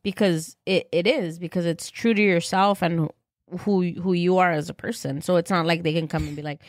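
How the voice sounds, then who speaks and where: A woman's voice: fairly low pitch, moderate pace, no room sound. Female co-host, earnest and rambling, dry close mic. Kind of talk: casual chat.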